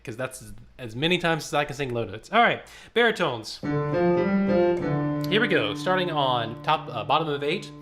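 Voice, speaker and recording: A man's voice: a little high, very animated, normal speed, bright, forceful tone, faint music behind. A man leading an online choir rehearsal, counting beats, speaking syllables aloud and singing lines for the singers to copy. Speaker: choir director.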